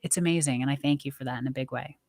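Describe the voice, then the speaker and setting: A woman's voice: extremely low pitch, racing, darkish tone, no echo, studio quality. A middle-aged woman speaking earnestly and openly as a podcast guest in a casual interview. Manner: earnest, open and reflective.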